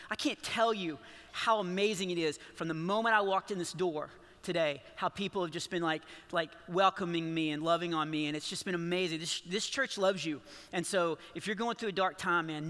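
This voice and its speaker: A man in his forties does rambling, self-deprecating stand-up in a large church hall before a live audience, often laughing at his own jokes. His voice sits high with a sharp tone, and the hall adds long reverb.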